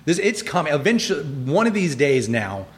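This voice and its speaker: A man's voice: a little high, moderate pace. A man in a casual conversation, telling stories and acting out other people's lines in a raised voice. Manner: animated, acts out quotes in a raised voice. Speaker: animated series co-creator guest.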